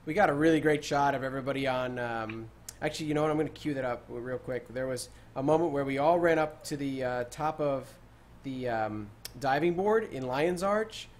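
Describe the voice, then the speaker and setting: A man's voice: medium pitch, normal speed. A young man hosting a casual gaming podcast, telling stories with lots of fillers and bursts of laughter. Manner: laughing, excitable storytelling with many fillers. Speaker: podcast host.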